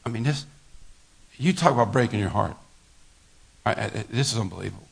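Gravelly older man preaching folksy sermon. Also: lowish voice, lively intonation, fairly quick. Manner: folksy storytelling with laughter and repetitions. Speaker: pastor.

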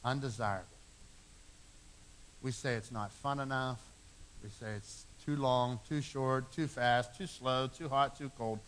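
A man's voice: mid-range voice, fairly even intonation, unhurried, pauses often, fairly bright tone, a little hiss or hum. A middle-aged man preaching a sermon, earnest, repeating phrases for emphasis. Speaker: pastor.

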